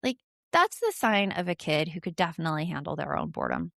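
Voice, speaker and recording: A woman's voice: low voice, fast, vocal fry, no echo, studio quality. A woman podcast host giving casual parenting advice, speaking directly and frankly to the listener.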